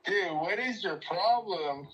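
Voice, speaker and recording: A man's voice: high-pitched, animated, slow pace, a bit bright, soft background music. A man on a phone call with his girlfriend, sounding confused and exasperated.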